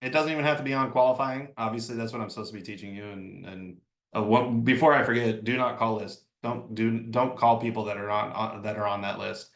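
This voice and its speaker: Guy running a realtor training call, chatty, kinda lowish voice, roomy echo. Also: steady tone, a little fast. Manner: casual, talkative, acts out sample phone messages. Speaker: real estate trainer. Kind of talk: live online training session.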